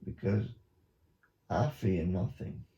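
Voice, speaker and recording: A man, a YouTuber, giving a mock hypnosis monologue with slow, repetitive, coaxing instructions. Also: deep voice, lively intonation, dark tone. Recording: dull lo-fi recording.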